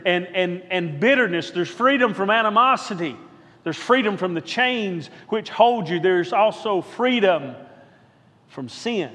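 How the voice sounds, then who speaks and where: High-voiced man preaching in a reverberant church. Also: a bit bright. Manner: rhythmic repetition, calls out to the congregation for response. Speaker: pastor. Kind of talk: sermon. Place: church sanctuary.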